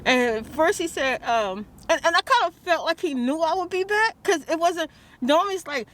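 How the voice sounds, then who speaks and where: A woman's voice: extremely high pitch, lively intonation, moderate pace, a bit bright, a little hiss or hum. A woman vlogs about her stressful morning, praying aloud and restarting her sentences, out near a car. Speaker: vlogger. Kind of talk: emotional vlog monologue.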